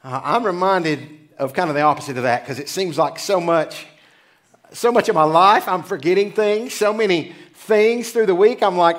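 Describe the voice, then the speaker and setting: A man's voice: sits high, normal speed, a bit bright. A pastor in his forties giving a casual, joking sermon in church. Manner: chatty, joking asides. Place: church sanctuary.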